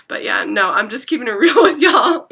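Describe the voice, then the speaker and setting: Bright-voiced chatty young woman vlogger. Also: high-pitched, sing-song, normal speed, slightly rough. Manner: chatty, constant filler words, swears freely. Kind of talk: casual storytelling vlog.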